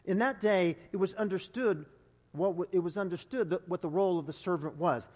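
A man delivers a storytelling sermon in a high-pitched voice, animated and full of stammered restarts. His words ring out through a long hall reverb. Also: brisk. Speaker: preacher.

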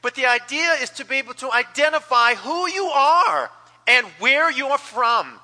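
A male pastor preaches in a church, rambling through his points with plenty of fillers and restarts. His voice sits high and sounds very bright. A long reverb from the hall trails behind his words. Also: measured pace. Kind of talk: sermon with a told joke. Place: church sanctuary.

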